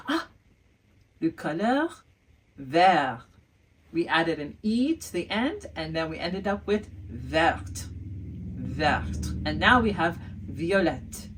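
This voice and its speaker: A woman leads a beginner French lesson in a lively, sing-song voice, pausing to hum and quiz her viewers before saying each word with exaggerated care. Her tone is soft and breathy. She sits a little back from the microphone. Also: on the low side, distant mic. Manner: playful, quizzing the viewer with drawn-out pauses and hums; exaggerated enunciation of French words. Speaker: French teacher.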